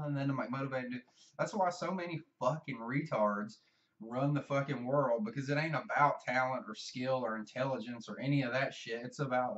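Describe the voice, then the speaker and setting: A man's voice: medium pitch, a bit bright, far from the mic, lo-fi sound. A man with a Southern US accent, rambling profanely and self-deprecatingly in a casual vlog monologue. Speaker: vlogger.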